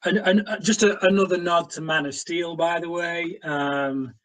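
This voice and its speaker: A man's voice: fairly high pitch, steady tone, moderate pace, fairly bright tone, low-quality recording. A man co-hosting a casual film review chat, a blunt, exasperated critic who uses many fillers. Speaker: co-host of a film review show.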